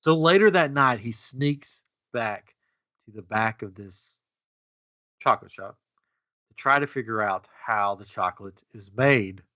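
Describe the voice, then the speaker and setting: A man's voice: lowish voice, lo-fi sound. A man hosting a comedy game show, telling an improvised story with lots of laughter. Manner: animated, laughing, puts on voices. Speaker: host.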